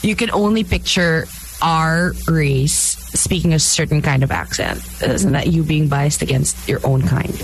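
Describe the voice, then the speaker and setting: A woman's voice: sits low, a little slow, a little hiss or hum, low-quality recording. A woman with a Filipino accent, co-hosting a podcast and questioning her co-host in casual chat. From Philippines. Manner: teasing, questioning, mixes in Filipino words.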